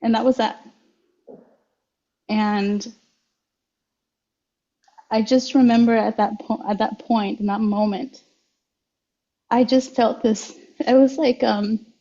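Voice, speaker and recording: A young woman recounts her life as an interview guest, speaking with slow reflection and frequent restarts. Her tone is mellow, with fairly level pitch and fairly even intonation, captured on a somewhat dull, lo-fi recording.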